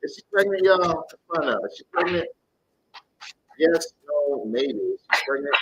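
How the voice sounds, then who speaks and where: A man's voice: a little high, lively intonation, unhurried, fairly bright tone, breathy edge, rough recording. A man giving live tarot readings to viewers, talking bluntly, animatedly and with casual swearing. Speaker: tarot reader.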